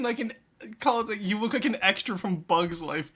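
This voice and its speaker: Excitable, lively, bright-voiced streamer. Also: mid-range voice, moderate pace. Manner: excitable, swears freely, breaks into loud laughing fits. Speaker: live streamer. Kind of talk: casual live-stream chat, reacting to chat messages.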